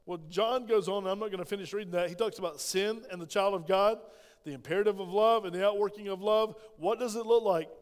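Older pastor preaching hard, high-pitched voice bouncing around a big church hall. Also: male voice, fast. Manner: emphatic preaching with call-and-response questions. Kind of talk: sermon. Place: church sanctuary. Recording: echoey church hall reverb.

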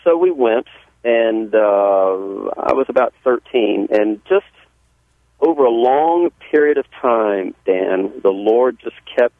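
A gravelly, medium-pitched male voice moves slowly but with lively intonation as a Southern pastor from Georgia relates his life in a radio interview. He's earnest and folksy, often restarting sentences, and the phone-like line is dry with no room sound.

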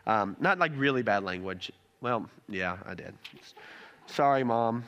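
Bright-voiced joking male preacher. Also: lowish voice, animated, a little slow, muffled recording. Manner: joking, conversational, keeps asking "right?". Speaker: pastor. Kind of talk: sermon. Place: church in Rome, Georgia.

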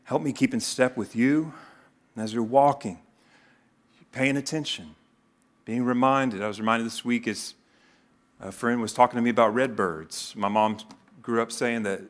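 A man's voice: mid-range voice, steady tone, moderate pace, pauses often. A middle-aged male pastor giving a sermon in an earnest, conversational way, slipping into spoken prayers.

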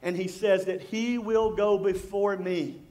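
A middle-aged man preaching a sermon as a pastor, telling stories and shifting from loud humor to hushed, intense appeals. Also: high-pitched, fairly even intonation, a little slow. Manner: storytelling, swings from loud jokes to hushed intensity.

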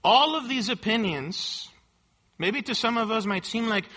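A man preaching with a high, ringing voice that has a forceful, bright edge. He leans hard on key words and keeps pressing his listeners with repeated questions. The delivery is an emphatic church sermon. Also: animated, measured pace. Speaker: pastor.

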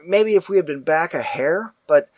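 A man hosting a casual talk show, telling a story in a profane, animated way and acting out the people in it. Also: a little high, normal speed, dry recording. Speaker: podcast host.

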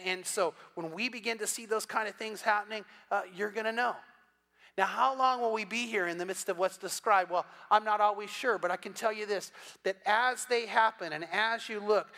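Bright high-voiced preacher in an echoing hall. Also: male voice, normal speed. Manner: earnest, repeats words for emphasis, voices imagined listeners. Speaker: pastor. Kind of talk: evening sermon.

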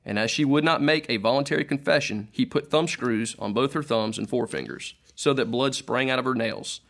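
A man's voice: medium pitch, brisk, gravelly, a bit bright. Man solemnly reading aloud in church.

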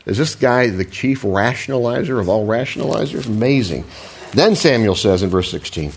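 A man's voice: mid-range voice, animated, moderate pace. A man preaching a conversational sermon, with frequent restarts, asides and questions to the congregation. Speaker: pastor.

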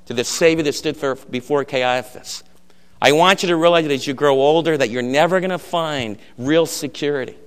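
A man preaching a sermon as pastor, telling a story in an earnest way with frequent soft drops. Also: a little high, clear, resonant tone. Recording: long hall reverb.

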